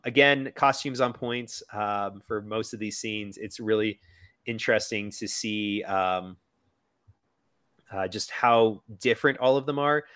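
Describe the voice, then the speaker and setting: A man with a fairly low voice chats through a movie scene by scene, loose and rambling, full of "um" and "like". The sound is close and dry, with no room echo. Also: a bit bright. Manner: chatty, lots of fillers, quotes characters in a silly voice. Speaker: podcast co-host. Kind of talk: casual movie commentary.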